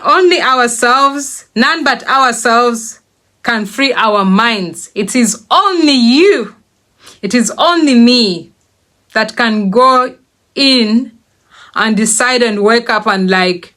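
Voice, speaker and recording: African woman talking slow on her channel, kinda high voice, laughs a lot between bits. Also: bright, forceful tone. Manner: laughs often between phrases, slows to stress words. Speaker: channel host. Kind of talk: casual spoken monologue.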